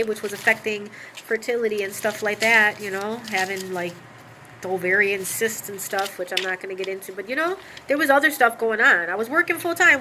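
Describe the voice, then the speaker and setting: A woman's voice: fairly high pitch, background noise. A woman telling a personal story in an emotional, rambling way, full of asides and fillers.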